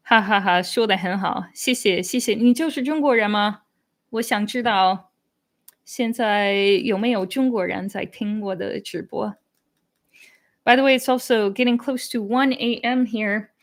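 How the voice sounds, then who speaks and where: Speaking at medium pitch and an even pace, a young woman runs a live stream for her language-learning channel, answering viewers' comments in a relaxed way. She is open, laughs frequently, and mixes in bits of Chinese.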